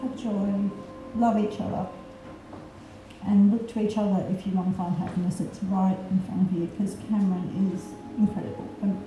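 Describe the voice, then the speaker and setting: A woman's voice: mid-range voice, little pitch movement, normal speed. A woman, mother of the bride, giving a tearful, gushing speech with laughs between lines. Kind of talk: emotional wedding speech. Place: wedding reception hall. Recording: echoey room, distant mic, noise.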